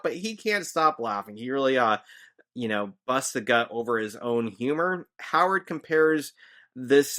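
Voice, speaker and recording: A man who works as a teacher, hosting a podcast in casual, chatty recap talk, easygoing and quick to chuckle. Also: medium pitch, fairly bright tone. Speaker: podcast host.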